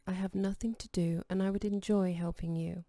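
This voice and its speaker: A woman reading the lines of a gentle, quietly insistent man in a calm, even voice. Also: mid-range voice, brisk, dry recording, clean studio sound, lightly acted.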